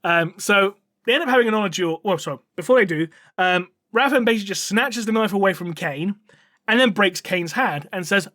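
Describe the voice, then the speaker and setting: A man's voice: high voice, a little fast, bright, forceful tone, dry recording, studio quality. A man on a podcast, casually retelling a story with playful swearing. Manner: playful, swears, acts out characters in quoted dialogue. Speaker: podcast co-host.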